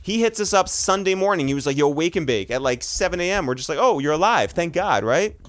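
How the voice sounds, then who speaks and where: Young guy telling a story all animated, bit high voice, dry close sound. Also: fast talker, no echo. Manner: animated storyteller, quoting others. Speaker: podcast host. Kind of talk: casual chat, storytelling.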